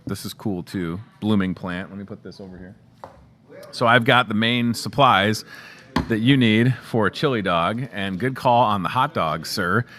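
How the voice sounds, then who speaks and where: Guy in his 30s hosting a local morning show, chatty and jokey, kinda low voice. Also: normal speed, a bit bright. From Chicago area. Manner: chatty, upbeat and joking, talking to the camera and crew. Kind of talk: casual live show chat promoting store products.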